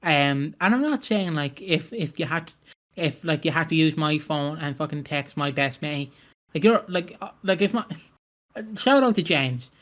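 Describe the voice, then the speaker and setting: A man's voice: fairly high pitch, normal speed, fairly bright tone. A man co-hosting a podcast, recapping casually in a rambling way with frequent self-corrections and laughter. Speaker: podcast co-host.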